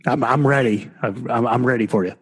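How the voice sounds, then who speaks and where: A man's voice: mid-range voice, a little fast, husky. A man co-hosting a podcast chat, explaining things in a coaching way, talking through headphones. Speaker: podcast co-host, trading coach. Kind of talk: casual chat. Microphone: headphones on a call.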